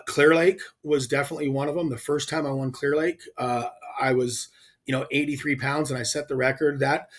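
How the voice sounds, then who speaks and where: A man who is a professional angler, a guest on the show, telling a personal story in an earnest, heartfelt way and often restarting his sentences when he gets emotional. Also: on the high side.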